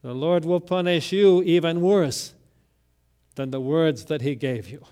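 A preacher voicing the aging priest Eli. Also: male voice, on the high side, unhurried, mellow, clean tone, lightly acted. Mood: insistent. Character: aging male priest, grave and resigned.

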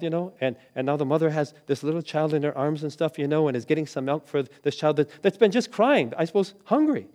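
Preacher man telling a story. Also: a little high. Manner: dramatic, shifts between loud and hushed. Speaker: pastor. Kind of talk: sermon with storytelling.

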